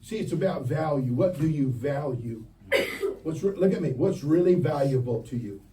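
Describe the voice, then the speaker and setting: A man's voice: on the high side, expressive, normal speed, mellow. A man preaching a sermon to teenagers at a youth camp, direct and joking, firing questions at the crowd. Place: church camp meeting. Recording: distant mic with faint ambient noise.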